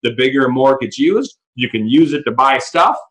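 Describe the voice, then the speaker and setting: A man presenting a business opportunity on a call, excitedly telling stories and acting out the dialogue. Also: medium pitch, rough recording. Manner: excited storyteller, acts out quoted dialogue; talks fast, restarts sentences when fired up. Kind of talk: animated sales pitch on a call. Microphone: audio call.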